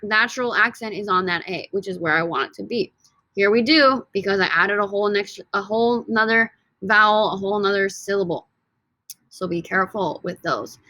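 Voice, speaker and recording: A woman teaches a casual grammar lesson in a bright, forceful voice. She is energetic and playful and draws out words she repeats. The sound is dry and close. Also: a little high, no echo. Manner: energetic and playful, drawn-out repetitions. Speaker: Spanish teacher.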